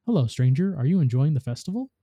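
Upbeat eager male ghost read by a man, mellow dark tone, dry. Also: a little high, big pitch swings, quick pace, dry recording. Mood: cheerful. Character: cheerful friendly male ghost robot.

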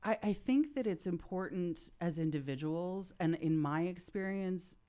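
A warm, lowish voice, a little slow, belongs to a woman in her forties appearing as a podcast guest. In candid interview storytelling she reflects on her childhood with heartfelt feeling, at times openly emotional.

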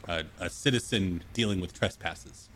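A man's voice: sits low, normal speed, fairly bright tone, slight background noise. A man voicing a poised, confident woman in a tabletop game, with a wry, upbeat manner. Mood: breezy. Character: poised, confident adult woman named Arancis.

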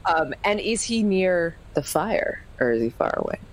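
A woman's voice: lowish voice, very animated, moderate pace, low-quality recording. A woman chatting in an upbeat way as a player in a tabletop role-playing game.

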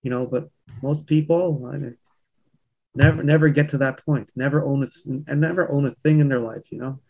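A man's voice: medium pitch, steady tone, fairly quick, vocal fry, highs cut off. A man who owns a landscaping business, a podcast guest talking frankly and profanely, often saying "you know.". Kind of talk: casual conversation.

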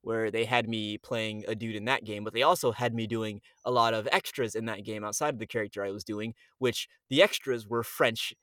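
A man's voice: on the low side, fairly quick, hardly any pauses, dry recording, studio quality. A male voice actor and podcast guest telling a story casually, acting out his own past reactions with many "like"s. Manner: animated, acts out his past reactions with lots of "like".

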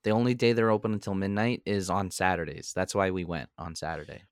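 A young man and podcast co-host telling a story in a casual, animated way. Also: fast, clear, resonant tone, no room sound, studio quality. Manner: animated storyteller, jumps into high voices when quoting.

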